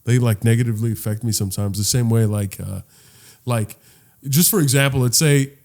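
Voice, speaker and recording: A man co-hosting a casual comedy podcast, telling animated stories, acting out quotes and laughing often. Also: mid-range voice, fairly quick. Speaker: podcast co-host.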